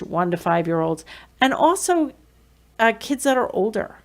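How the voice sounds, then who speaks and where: A woman podcast host and behavior analyst, talking conversationally with fillers and self-corrections as she explains strategies for parents. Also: lowish voice. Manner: acts out parent-child exchanges with soft shushing.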